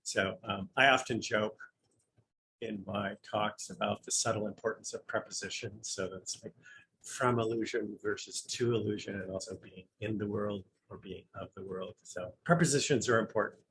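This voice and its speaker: A man's voice: on the low side, moderate pace, a bit bright, a little hiss or hum, poor audio. A man, a Zen Buddhist priest, giving an informal dharma talk, musing and conversational as he thinks aloud with a light touch of humor.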